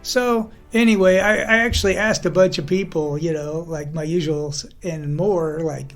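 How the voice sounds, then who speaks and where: A man's voice: fairly high pitch, normal speed, few pauses, faint music behind. A man co-hosting a podcast, telling stories in a rambling casual chat, peppering his talk with "you know". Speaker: podcast co-host.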